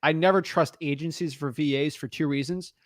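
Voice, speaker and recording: A man's voice: fairly high pitch, steady tone, brisk, no room sound, clean studio sound. A man coaching on real estate wholesaling, blunt and casual, calling people man and dude. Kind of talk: casual advice on a call.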